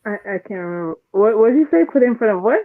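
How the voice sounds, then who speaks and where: A woman's voice: mid-range voice, expressive, fast, narrow, tinny audio. A woman co-hosting a casual chat, hesitant and stammering as she thinks aloud. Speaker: co-host.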